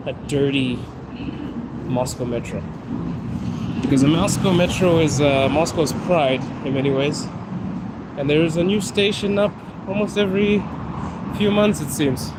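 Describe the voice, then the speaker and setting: Chatty man live-streaming in loud metro. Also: fairly high pitch. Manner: chatty, talks straight to viewers. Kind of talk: casual walking live stream. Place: Moscow metro station. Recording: loud background noise from the metro. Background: metro and street noise.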